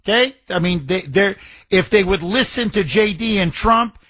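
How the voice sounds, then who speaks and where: Radio host guy hammering his points, raspy, dead-dry close sound. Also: sits high, normal speed, sharp tone, dry recording. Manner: emphatic, repeats phrases for effect. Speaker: radio talk show host. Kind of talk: talk radio monologue.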